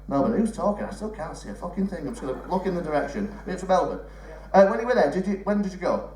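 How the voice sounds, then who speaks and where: A man's voice: sits high, lively intonation, quick pace, darkish tone, far from the mic. A young man doing live stand-up comedy on a theatre stage, chatty and teasing the crowd, swearing freely. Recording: roomy theatre sound from off-mic.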